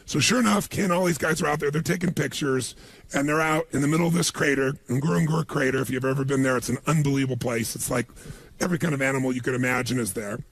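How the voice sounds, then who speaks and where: A man giving a motivational seminar talk, telling stories to an audience in an animated way and acting out the people he quotes. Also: medium pitch, fast, no room sound. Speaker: motivational speaker.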